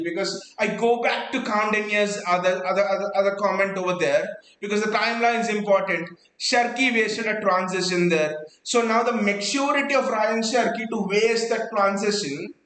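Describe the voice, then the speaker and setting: Breathless excitable football fan host. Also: male voice, high-pitched, reverberant, rough recording. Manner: excitable, repeats words, stumbles in bursts. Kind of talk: excited live fan reaction.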